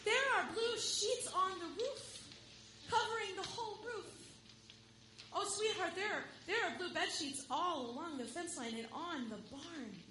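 A woman voicing a kind young man on a train in a church story, gentle and warmly reassuring. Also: on the high side, a little slow. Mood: joyful. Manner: gentle, then joyfully excited. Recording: echoey room with steady hum.

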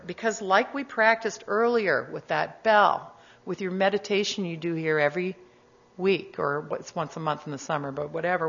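Woman guest speaker with a low voice, gentle sermon delivery, dull lo-fi recording. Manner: gentle, measured, conversational with asides. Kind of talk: reflective sermon talk.

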